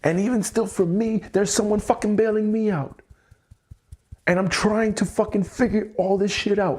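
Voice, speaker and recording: A man with a slightly high, husky voice vents his frustration on a livestream. He swears often and sounds exasperated, yet he keeps his voice low because it is the middle of the night at home. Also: expressive, moderate pace, a little mellow. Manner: keeping his voice low so as not to wake someone. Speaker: livestream host. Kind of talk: emotional livestream venting.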